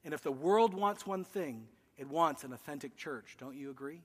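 High-voiced pastor preaching in a hall. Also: male voice, expressive, moderate pace, husky. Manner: emphatic preaching with swings from loud to hushed. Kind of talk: sermon. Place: church.

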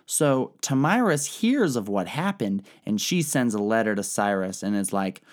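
A man's voice: fairly low pitch, very animated, moderate pace. A man retelling history in a casual, profane, comedic podcast style with laughing asides. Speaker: podcast host.

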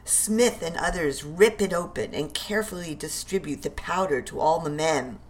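A woman narrating a historical war drama aloud in a deliberate reading voice. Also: deep voice.

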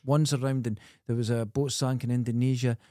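Dundee podcast co-host with a Scottish accent, mellow voice, wry and dry, close mic. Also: male voice, medium pitch, flat delivery, fairly quick, no echo. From Dundee, Scotland. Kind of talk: casual chat.

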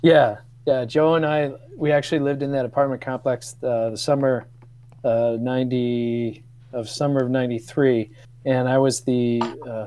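A man in his fifties, a guest on a radio show, telling old stories with laughs and halting restarts. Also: mid-range voice, dark tone. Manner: storytelling, laughs often, hesitant restarts. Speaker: guest, former radio co-producer. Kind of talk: casual radio chat.

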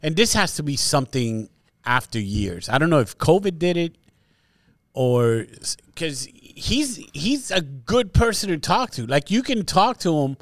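A man's voice: on the high side, a little slow, no echo, clean studio sound. A middle-aged man from New York, co-hosting a casual podcast chat, telling stories with lots of swearing and acting out what others said. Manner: animated storyteller, swears freely, acts out others' lines. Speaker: podcast co-host.

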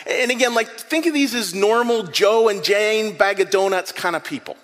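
A man preaching a sermon to his congregation, telling a story with lively acted-out moments. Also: high-pitched, normal speed, big-room sound. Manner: animated storytelling preacher, acts out scenes. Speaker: pastor. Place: church hall with an audience.

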